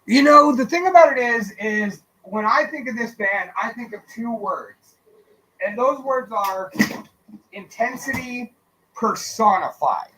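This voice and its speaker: A man's voice: very high voice, measured pace, a little hiss or hum, poor audio. A man co-hosting a radio show, telling stories in a casual chat and acting out his friends' lines as he goes. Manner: animated storyteller who acts out friends' lines; swears casually, many fillers.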